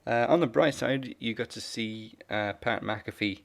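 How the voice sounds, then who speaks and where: A man co-hosting a wrestling podcast in casual chat, laid-back and quick to laugh. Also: medium pitch, gravelly.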